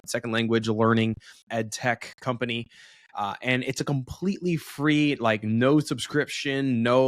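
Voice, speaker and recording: This is a man in his thirties co-hosting a casual podcast with friends over a remote call. He rambles through his points with plenty of fillers and breaks into laughter often. His voice sits at an ordinary pitch and the recording is dry, with no room around it. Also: dry recording. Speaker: podcast co-host. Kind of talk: casual chat. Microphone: remote call over home internet.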